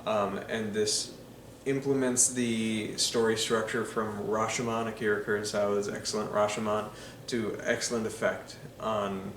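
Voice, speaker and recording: A man's voice: fairly low pitch, level tone, measured pace, few pauses, a bit bright, roomy sound, distant mic, slight background noise. A man giving enthusiastic, casual movie commentary, full of ums and uhs. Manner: enthusiastic, filler-heavy with frequent ums and uhs. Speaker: film reviewer.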